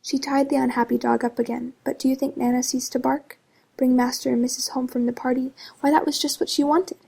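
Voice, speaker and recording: A woman narrating a classic children's storybook in a soft, hushed voice that drifts into whispers. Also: sits high, flat delivery, brisk, vocal fry, husky. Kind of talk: soft-spoken storybook reading.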